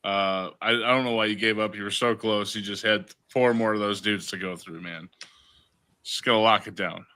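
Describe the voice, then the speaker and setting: Very bright, playful male podcast host. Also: lowish voice, fairly even intonation, normal speed. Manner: playful, laughing, putting on an Irish accent. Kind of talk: casual podcast chat.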